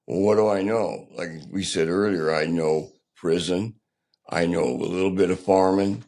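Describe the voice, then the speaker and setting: An older man, a podcast guest, telling his own story candidly in a plainspoken, halting, rough-edged way. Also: deep voice, fairly even intonation, dark tone.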